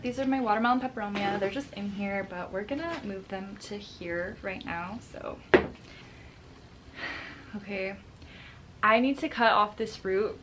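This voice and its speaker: A young woman vlogging casually to her viewers, excitable and nervous as she talks through her plants. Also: medium pitch, a little hiss or hum. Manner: excitable and nervous, gasping and laughing often. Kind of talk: casual vlog chat.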